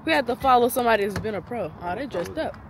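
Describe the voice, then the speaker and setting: A twenty-year-old woman vlogs casually to camera, slangy, chatty, and laid-back, recorded on a phone or small camera held close. She sounds a little high and expressive and talks very fast. There's slight background noise.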